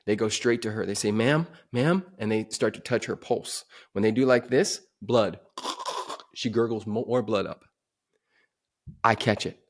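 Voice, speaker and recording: Low-voiced man telling an intense story. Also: steady tone, normal speed, long pauses. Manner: intense, swings from emphatic to hushed. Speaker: podcast guest. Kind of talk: dramatic personal storytelling.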